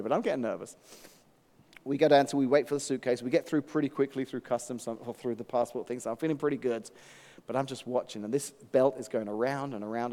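A middle-aged man, giving an animated, self-mocking storytelling devotional talk and laughing often. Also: a little high. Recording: long hall reverb.

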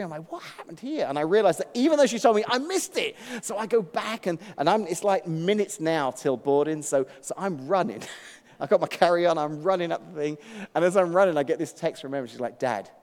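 A middle-aged man, giving an animated, self-mocking storytelling devotional talk and laughing often. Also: on the high side. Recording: long hall reverb.

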